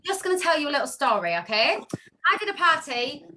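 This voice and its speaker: A woman's voice: high-pitched, brisk, slight background noise. A woman speaking from home, casually sharing sales tips on a group call, chatty and full of asides. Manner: chatty, self-interrupting, animated storytelling. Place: home room.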